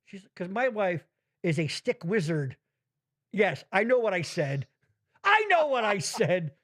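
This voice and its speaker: Animated high-voiced man ranting. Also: unhurried. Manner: profane, animated, rambling, reads chat comments aloud. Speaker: podcast host. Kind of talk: casual comedy podcast banter. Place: home basement.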